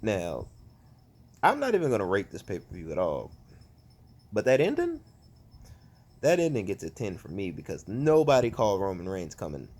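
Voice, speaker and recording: A man giving a casual, ranting review as a vlogger, animated and profane, full of exasperated outbursts. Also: on the low side, normal speed, pauses often. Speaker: wrestling fan vlogger.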